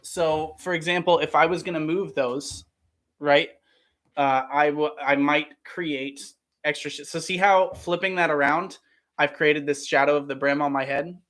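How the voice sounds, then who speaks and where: Man, slightly high voice, casual explainer, live stream from a home room. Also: steady tone, a little slow, a bit bright. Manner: casual, explanatory, demonstrating with gestures. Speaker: host. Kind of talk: live stream Q&A, demonstrating lighting. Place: home room with bookshelf and blank wall.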